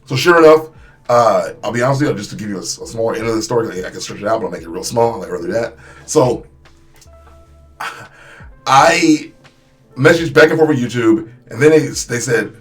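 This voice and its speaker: A young man telling his story in a casual vlog, animated and emphatic, with many restarts and repeated phrases. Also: mid-range voice, a little fast, long pauses, soft background music. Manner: animated, acts out quotes with voice shifts. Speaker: YouTuber.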